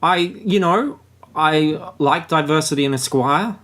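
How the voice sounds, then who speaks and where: A man's voice: a little high, a little slow, a bit bright. Crude, joking male podcast host. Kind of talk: casual book-club chat with read-aloud passages.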